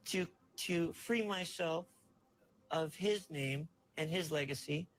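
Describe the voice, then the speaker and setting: A man answering questions in a TV interview clip, hesitant and measured. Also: a little high, slight background noise, rough recording.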